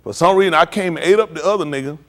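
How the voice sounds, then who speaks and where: A man's voice: fairly high pitch, racing. An older man hosting a live stream, telling joking stories in casual chat and mimicking other people's voices.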